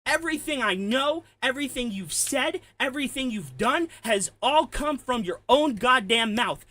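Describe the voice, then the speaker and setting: A man delivering an angry, profane ranting commentary, heated and shouting at times. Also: extremely high pitch, no room sound. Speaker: commentary streamer.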